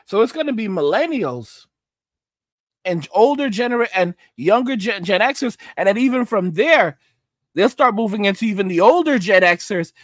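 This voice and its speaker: A man's voice: sits high, expressive, normal speed, a bit bright, no echo, studio quality. A man hosting a commentary livestream, ranting emphatically, repeating his points, and often checking in with "all right?". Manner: slips into mocking put-on voices. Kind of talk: ranting commentary, reading viewer chat.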